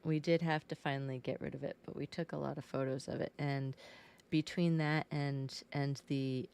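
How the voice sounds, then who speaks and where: A woman's voice: low-pitched, steady tone, normal speed, darkish tone, clean tone. A woman painting on a live stream, chatting casually as she greets her viewers and talks to her cat.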